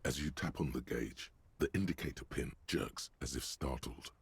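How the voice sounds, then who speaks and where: A deep gravelly game narrator. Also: male voice, no room sound, heavily acted. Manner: slow, grave descriptive narration. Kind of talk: video game voice acting.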